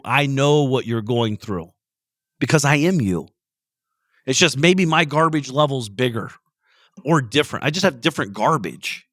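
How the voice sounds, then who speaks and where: A man with a head cold gives a blunt, profane motivational talk for his podcast. His voice is bright and forceful, and it pushes up high when he stresses a point. The sound is dry and close. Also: dry recording. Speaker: podcast host. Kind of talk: motivational monologue. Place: outdoors out back.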